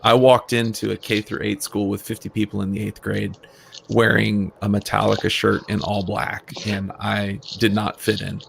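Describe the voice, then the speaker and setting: A man's voice: on the low side, level tone, moderate pace, creaky, a little hiss or hum. A man hosting a casual livestream chat over a video call, rambling and restarting, laughing often. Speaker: livestream host.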